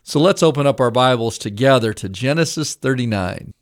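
A man's voice: medium pitch, expressive, a little fast. A male Bible teacher introducing the day's message in an earnest pastoral tone. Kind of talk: studio intro to a sermon.

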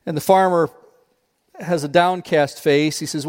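A pastor preaching a sermon, telling a parable in an animated way and often repeating his words. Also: on the high side, normal speed, long reverb tail.

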